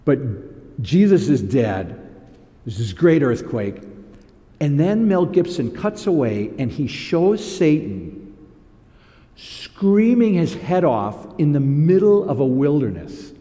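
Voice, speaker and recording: Animated preacher in a reverberant hall. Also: male voice, takes it slowly. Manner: animated, rising loud and high when reading scripture. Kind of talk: sermon.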